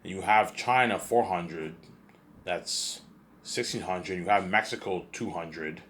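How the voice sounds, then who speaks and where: A young man with a slight Canadian accent and a very low voice talks in a loose, rambling monologue. He stumbles and repeats words, drops casual swears, and keeps a relaxed, offhand tone. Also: slow, slight background noise. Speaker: host.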